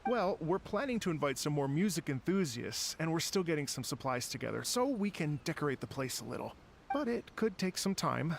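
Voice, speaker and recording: A man's voice: a little high, very animated, fairly quick, gravelly, a little hiss or hum. An actor playing a polite male event organizer with a courteous, slightly hesitant way of talking, over game music.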